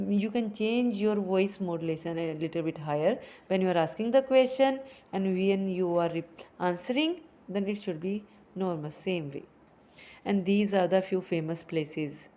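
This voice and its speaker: A woman with a medium-pitched, somewhat dark voice gives a French lesson. She explains things slowly and repeats phrases for her students.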